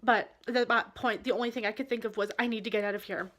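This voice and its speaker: A woman vlogger telling a personal story in a candid, halting and emotional way. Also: on the high side, steady tone, fairly bright tone.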